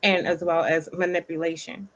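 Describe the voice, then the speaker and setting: A woman's voice: fairly low pitch, fairly even intonation, normal speed. A woman co-hosting a casual chat, making her points thoughtfully and step by step. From the Bronx, New York. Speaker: co-host. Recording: dull lo-fi sound.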